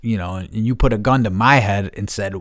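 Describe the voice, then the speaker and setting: A man's voice: on the low side, fairly quick, fairly bright tone, dry recording, studio quality. A man delivering an angry, profane monologue, repeating himself and restarting sentences as he vents. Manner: angry, heavy swearing, repeats words, restarts. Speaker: podcast host.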